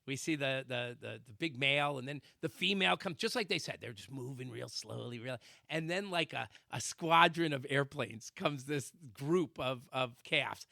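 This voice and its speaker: A man co-hosting a talk radio show, telling a comic story with sound effects and shouted quotes. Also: medium pitch, moderate pace, creaky, hardly any pauses, no room sound, clean studio sound. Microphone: studio microphone.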